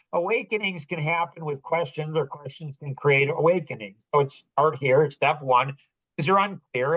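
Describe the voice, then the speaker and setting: A man hosting a business podcast, telling a story in casual talk, animated and laughing often as he acts out dialogue. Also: a little high, rough recording. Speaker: podcast host.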